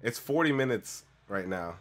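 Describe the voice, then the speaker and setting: A man on a podcast panel in casual chat, wisecracking with quick interjections. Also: lowish voice, expressive.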